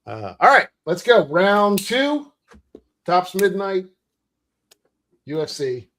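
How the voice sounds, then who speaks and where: A man's voice: high voice, very animated, slow, a bit bright, a little hiss or hum. A man hosting a casual pack-opening stream, chatty and enthusiastic. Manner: enthusiastic, chatty, laughs often. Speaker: host. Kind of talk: casual chat while opening card packs.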